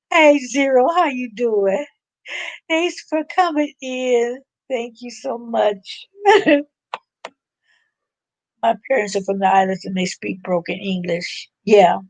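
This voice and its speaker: A woman's voice: a little high, slow, pauses often, a little mellow, no echo. A woman hosting a casual livestream chat with viewers, chatty and laughing often, sounding a little drained. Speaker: livestream host.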